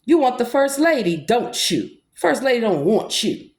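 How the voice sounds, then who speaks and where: A woman's voice: fairly high pitch, big pitch swings, moderate pace, darkish tone. A woman with a Black way of speaking, preaching in a defiant, confrontational monologue aimed at her accusers. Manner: breaks into gospel-style singing. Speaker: self-styled preacher. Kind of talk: impassioned monologue. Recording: roomy echo with music behind.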